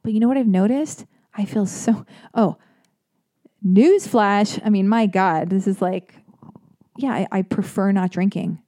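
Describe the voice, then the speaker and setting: A woman hosts her own podcast in a casual, rambling monologue, tossing in self-deprecating jokes and plenty of ums. Her voice is mellow and warm, and the sound is dry and close with no room around it. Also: medium pitch, measured pace, no room sound. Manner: rambling and self-deprecating, full of fillers and jokey asides. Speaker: podcast host.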